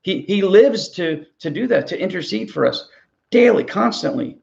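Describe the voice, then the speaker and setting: Gravelly man preaching a sermon. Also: sits high, lively intonation, normal speed, a little mellow, dull audio. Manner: earnest, conversational preaching with repeated words. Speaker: pastor.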